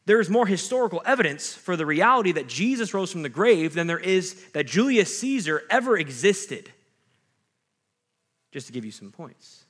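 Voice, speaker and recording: A man's voice: high-pitched, a bit bright. A young adult man, a pastor, giving a sermon in a conversational way, with jokey asides and acted-out quotes.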